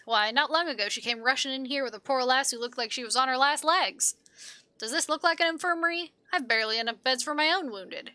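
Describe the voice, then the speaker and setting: A woman's voice: fairly high pitch, sharp tone, dry recording. Woman reading a wry, blunt camp commander. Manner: dry, plain-spoken grumbling.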